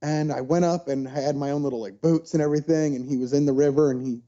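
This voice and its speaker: A man being interviewed on a podcast, telling childhood stories in an animated way and acting out what people said. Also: a little high, quick pace, highs cut off. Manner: animated storyteller, acts out quotes. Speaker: podcast guest. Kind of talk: casual storytelling interview.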